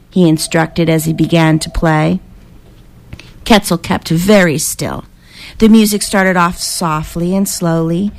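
Slow, gravelly woman reading a picture book. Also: medium pitch. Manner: slow, expressive storytelling with character voices. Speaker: guest reader.

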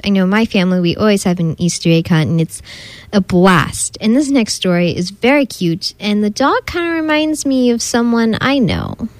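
A woman reading a children's picture book aloud with an expressive, sing-song storyteller delivery. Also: mid-range voice, no echo, poor audio.

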